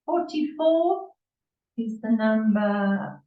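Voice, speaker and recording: A woman tutoring English in a conversation lesson, talking things over unhurriedly with many fillers and pauses. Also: fairly high pitch, expressive. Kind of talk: conversation lesson, reading from an article. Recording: echoey, distant and muffled.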